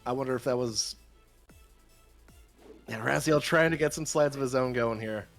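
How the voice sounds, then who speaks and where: A man commentating a fighting game live, breaking down the play between quick exclamations. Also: mid-range voice, soft background music. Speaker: esports commentator.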